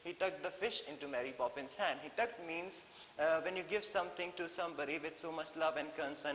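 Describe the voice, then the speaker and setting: An Indian man teaching an English lesson in a classroom, explaining slowly and repeating phrases with frequent "okay?" checks. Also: on the high side, a bit bright. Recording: echoey hall with faint hiss.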